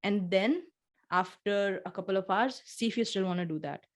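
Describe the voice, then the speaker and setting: In a mid-range voice at a normal pace, this podcast co-host shares a relaxed, heartfelt conversation. She speaks earnestly and thoughtfully, recounting her emotions in vivid detail.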